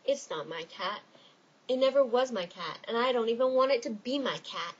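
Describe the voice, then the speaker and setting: A grumpy old man who insists he dislikes cats, as a woman reader puts him on. He grumbles slowly and huffily through a storybook reading. The recording is dull and lo-fi with a faint hiss. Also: mid-range voice, fairly bright tone, natural voice. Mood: grumbling. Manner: slow, grumbling, huffy.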